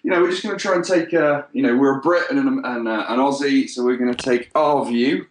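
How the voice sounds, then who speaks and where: Dry-witted English podcast co-host. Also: male voice, mid-range voice, fairly quick. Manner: dry, sarcastic banter. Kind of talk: casual podcast chat. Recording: roomy echo.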